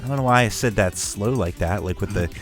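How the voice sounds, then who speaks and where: A man hosting a radio show, chatting casually in an animated, jokey way and laughing often. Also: on the low side, fast talker, faint music behind.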